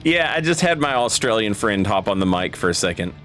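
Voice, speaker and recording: A man's voice: lowish voice, big pitch swings, a little fast, fairly bright tone, faint music behind. A man streaming a game and chatting casually, rambling and stammering, swearing, reading chat aloud.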